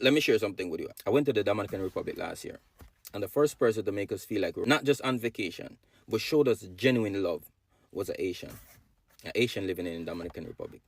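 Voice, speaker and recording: A man's voice: low-pitched, vocal fry. A man giving an emphatic monologue to camera, repeating slogan-like lines with big swings in his voice. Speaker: social media creator.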